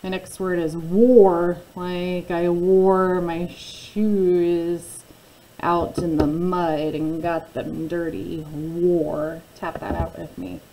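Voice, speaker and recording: Slow, low-voiced woman teaching phonics. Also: level tone, mellow, slight background noise, poor audio. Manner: patient, drawn-out word modeling. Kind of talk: phonics lesson for young children.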